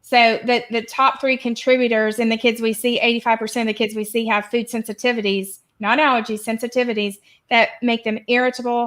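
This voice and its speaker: Woman with a higher voice explaining advice. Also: a bit bright. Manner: explanatory, with self-corrections. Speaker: guest expert. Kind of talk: casual podcast interview.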